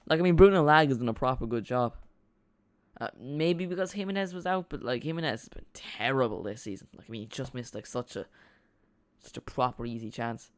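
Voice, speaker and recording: A man's voice: mid-range voice, animated, a little fast, clear, resonant tone. A man streaming a live watch-along, chatting casually in a rambling way, repeating himself and reacting to the play.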